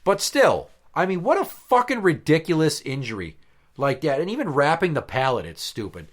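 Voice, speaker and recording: A man's voice: on the high side, moderate pace. A man co-hosting a podcast, telling a story in casual chat with lots of swearing. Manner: profane, animated storyteller. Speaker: podcast co-host.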